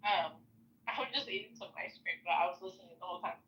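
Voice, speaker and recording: A woman's voice: on the low side, lively intonation, a little fast, poor audio. A young adult woman chatting casually on a podcast, hesitant and shy. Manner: shy, soft-spoken, hesitant. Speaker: podcast guest reader. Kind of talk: casual chat.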